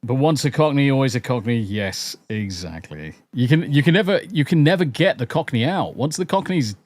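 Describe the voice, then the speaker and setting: A man's voice: medium pitch, expressive, moderate pace, darkish tone. A man from the English Midlands hosting a podcast, his accent a blend of Southern, Northern, Midlands and Essex, chatting casually, swearing now and then and repeating his phrases. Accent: mixed English, part Southern, Northern, Midlands and Essex. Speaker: podcast host.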